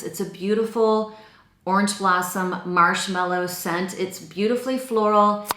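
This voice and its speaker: A woman's voice: lowish voice, a bit bright. A middle-aged woman chatting casually as she reviews perfumes, describing each scent in enthusiastic detail. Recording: roomy echo.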